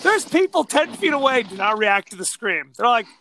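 A man co-hosting a podcast, chatting casually about a film and acting out scenes in quick mock voices. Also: very high-pitched, big pitch swings, background noise. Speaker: podcast co-host. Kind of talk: casual movie discussion.

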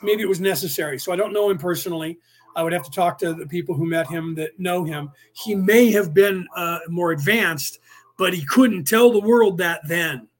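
A man in his fifties hosts a podcast, rambling through his ideas in a casual lecture packed with fillers and restarts. His voice sits high with a fairly bright tone, and he acts out angry drivers in quoted outbursts.

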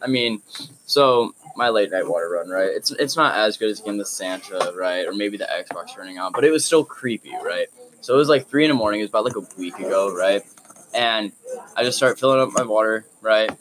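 A man's voice: lowish voice, brisk, crowd noise, poor audio. Young man rambling through a story. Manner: rambling, says "right?" a lot. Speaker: co-host. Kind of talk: casual storytelling chat.

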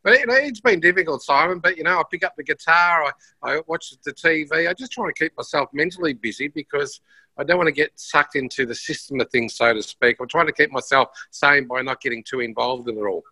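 A man's voice: fairly high pitch, fairly quick, pushed and bright, dry recording, poor audio. A man, a musician and broadcaster, talking in a casual interview in a modest, earnest way.

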